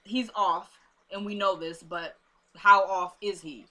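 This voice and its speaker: A woman's voice: medium pitch, steady tone, slow pace, pushed and bright. A young woman casually recapping a TV episode, chatting like a storyteller and acting out what the characters say. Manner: chatty storyteller who acts out the characters' lines.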